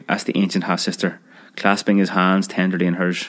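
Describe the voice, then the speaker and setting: Male narrator, low voice, lively storytelling, audiobook read. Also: a little fast. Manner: lively storyteller voicing characters. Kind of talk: scripted narration of a children's memoir.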